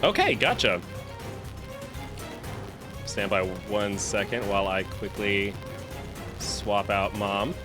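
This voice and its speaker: A man narrating and ruling as dungeon master of a tabletop game, quick and teasing. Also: on the low side, music in the background.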